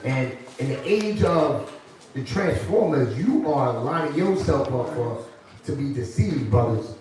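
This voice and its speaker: A man's voice: mid-range voice, lively intonation, measured pace, darkish tone. A man preaching to a group, emphatic, calling for scripture to be read. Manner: emphatic, leads scripture reading. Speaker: street preacher. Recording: echoey room from far off, faint noise.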